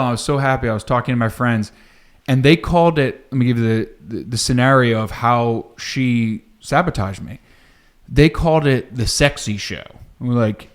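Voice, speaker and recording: A man in his thirties telling a personal story in a casual monologue, acting out the lines he quotes. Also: medium pitch.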